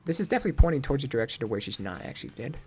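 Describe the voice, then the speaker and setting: A young man hosting a let's-play, commenting excitedly, swearing and laughing as he goes. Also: mid-range voice, racing. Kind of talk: casual gameplay commentary. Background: game music.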